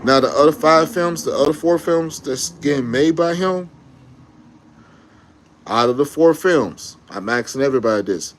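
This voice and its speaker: A man giving a casual, slangy fan rant to camera, excitable and rambling, often correcting himself mid-sentence. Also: on the high side, moderate pace. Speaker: YouTube commentator.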